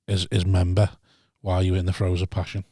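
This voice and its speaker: A man's voice: deep voice, completely flat delivery, fast, dark tone, dry recording, studio quality. A man, co-hosting a podcast in casual, jokey banter. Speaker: podcast co-host. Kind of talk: casual chat.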